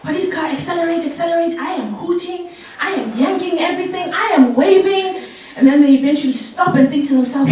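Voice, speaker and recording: A woman telling a true story live on stage, animated and laughing often. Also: very high-pitched, brisk. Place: live event venue. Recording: echoey hall, mic far off.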